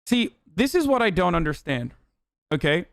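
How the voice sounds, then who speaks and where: A man's voice: high-pitched, big pitch swings, normal speed, gravelly, dry recording, studio quality. A man in his thirties streaming casual, profane political commentary, ranting heatedly and sarcastically at a desk microphone. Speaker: streamer reacting to news.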